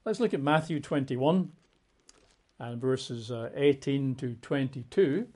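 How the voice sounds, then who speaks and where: A man's voice: mid-range voice, expressive, takes it slowly, dark tone. A man preaching a Bible-teaching sermon in a conversational way, leaning hard on key words. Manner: conversational, emphatic on key words, plays out quotes.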